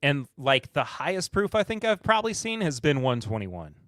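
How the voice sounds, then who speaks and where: A man hosting a casual live podcast, talking in a relaxed, rambling way with fillers, and answering chat comments. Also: a little high, normal speed, dry recording, studio quality, faint music behind. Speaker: podcast host.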